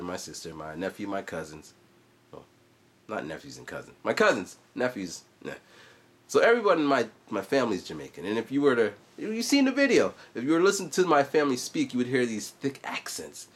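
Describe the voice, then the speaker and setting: A man's voice: on the low side, slightly rough. A man in his forties, a vlogger and musician, chatting casually in a loose, rambling way full of asides. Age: 40s. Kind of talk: casual vlog chat.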